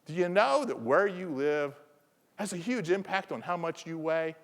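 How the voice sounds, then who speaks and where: A man from the American South gives a playful keynote at a conference, teasing the audience in a reverberant hall. His voice is a little high and animated, moving at a normal speed.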